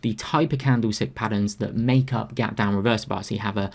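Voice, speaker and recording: Male trading teacher, quick and gravelly, hammers home key points. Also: on the low side, fairly even intonation, a little mellow. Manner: emphatic, repeats key phrases. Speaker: trading educator. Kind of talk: screen-share presentation.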